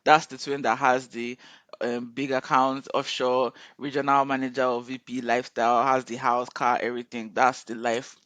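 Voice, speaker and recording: A man retelling a viral story in a casual, animated way, often quoting people and laughing. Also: medium pitch, moderate pace, no echo. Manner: animated retelling with frequent laughter and quoted voices. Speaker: co-host reviewing a viral video series.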